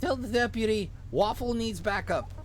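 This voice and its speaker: A man voicing an exasperated small-town male police chief with a put-on Minnesotan accent, barking hurried orders. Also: high-pitched, a little hiss or hum, voice pushed up, close to an everyday voice. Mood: alarmed. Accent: put-on vaguely Minnesotan.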